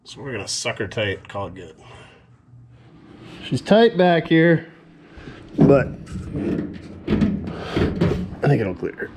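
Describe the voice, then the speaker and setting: A man's voice: mid-range voice, big pitch swings, drawn-out words, long pauses, noisy background. A man hosting a truck build video, chatting casually and joking with viewers as he works. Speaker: mechanic and video host.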